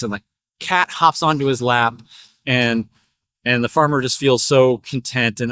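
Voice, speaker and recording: A male storyteller tells a spiritual parable in a casual, chatty way, using fillers. His mid-range voice is pushed and bright at normal speed, in a dry, clean studio recording.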